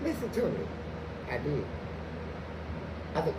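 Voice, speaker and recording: A man guesting on a podcast, telling profane prison stories in an animated way and jumping into loud acted-out quotes. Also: fairly high pitch, a little slow. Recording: echoey room with background noise.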